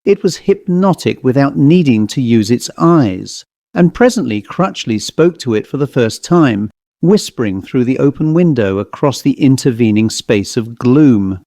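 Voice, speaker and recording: A man reading a ghost story aloud in a steady, measured way, close to the mic. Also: mid-range voice, no room sound. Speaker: audiobook narrator. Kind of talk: scripted ghost story narration.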